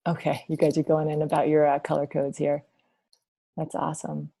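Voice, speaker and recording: A woman's voice: low voice, monotone, moderate pace, vocal fry, warm tone, husky. Chatty, rambling woman coaching her team. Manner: chatty and rambling, full of "like" and restarts. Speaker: team coach leading a training call. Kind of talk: motivational team talk. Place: home. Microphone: video call.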